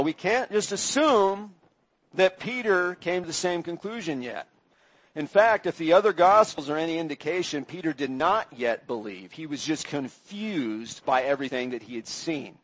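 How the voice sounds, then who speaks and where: Preacher, male, slow deliberate delivery, slightly raised voice, dry close sound. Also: fairly high pitch, no room sound, rough recording. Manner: measured storytelling, acts out quoted voices with rising intensity. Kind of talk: sermon.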